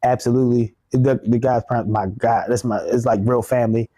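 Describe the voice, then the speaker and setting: A man's voice: mid-range voice, steady tone, a little fast, warm tone, no room sound. A man, a comedian, telling a funny story in casual chat, acting out the people he quotes, with many restarts. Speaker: comedian guest.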